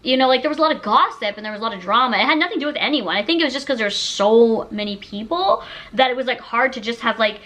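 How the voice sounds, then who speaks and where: A woman's voice: a little high, lively intonation, fast talker, fairly bright tone, poor audio. A woman of about thirty talking casually to the camera, emotional and gushing, with many fillers like "like". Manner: emotional, gushing, heavy use of "like". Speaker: YouTuber. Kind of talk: casual sit-down chat.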